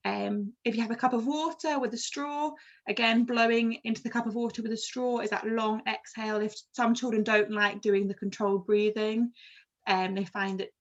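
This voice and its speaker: A woman's voice: on the high side, steady tone, moderate pace, muffled recording. A woman with an English accent, a wellbeing practitioner, leads a carers' workshop and explains things in a friendly way with many fillers. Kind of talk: online group workshop talk.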